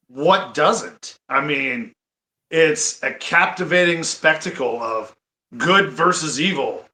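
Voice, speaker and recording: Bright-toned storytelling man in an echoey studio. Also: on the high side. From Iowa, US Midwest. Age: middle-aged. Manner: animated, breaks into excited fanboy quotes. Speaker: guest wrestler. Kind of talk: storytelling interview.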